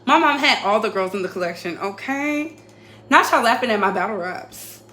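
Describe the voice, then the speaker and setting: A woman's voice: mid-range voice, expressive, normal speed, pushed and bright. A young adult woman hosting a casual music chat, playful and laughing often. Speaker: host.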